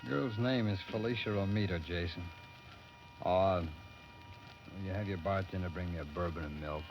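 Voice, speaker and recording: A dry, weary business manager. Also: male voice, low-pitched, moderate pace. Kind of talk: 1950s radio drama acting. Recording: dull old radio broadcast, hiss.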